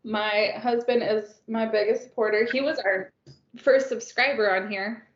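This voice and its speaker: A woman's voice: a little high, fairly even intonation, unhurried, a little hiss or hum. A woman chatting casually about books as a podcast co-host, telling stories and laughing often. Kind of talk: casual book chat. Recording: roomy, dull lo-fi sound.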